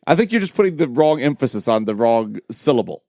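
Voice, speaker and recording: Halting, joking podcast co-host man. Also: medium pitch, sing-song, mellow, no room sound. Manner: hesitant, halting guesses with dry jokes. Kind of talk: casual podcast banter during a guessing game.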